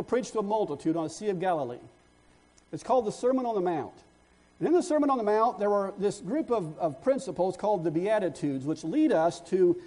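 A man's voice: high-pitched, dark tone. A man preaching a sermon as pastor. He repeats words as he searches for phrases, and his voice builds in force as his stories peak.

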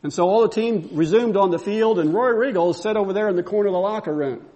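A man's voice: sits high, fast talker, warm tone. A man preaching a sermon, telling a story and building to fervent, repeated exclamations.

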